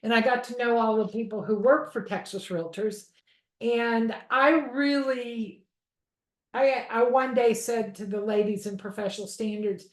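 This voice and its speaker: A woman's voice: on the high side, steady tone, normal speed. A woman teaching a real estate course in a chatty way. She often stops to check in with "okay?" and speaks from a room at home. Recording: echoey room.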